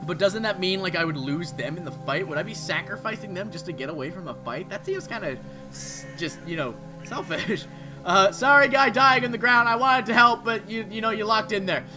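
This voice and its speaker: A man's voice: sits high, a little fast, over music. Swearing man reading game text aloud. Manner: swears freely, flares into loud annoyed rants. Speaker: gameplay streamer.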